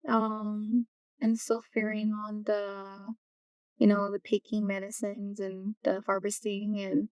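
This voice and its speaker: A woman, a community knowledge keeper, speaking softly in an interview and searching for her words. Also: medium pitch, monotone, takes it slowly, no echo. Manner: soft-spoken, searching for words. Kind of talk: casual interview talk. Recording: distant mic, dry room.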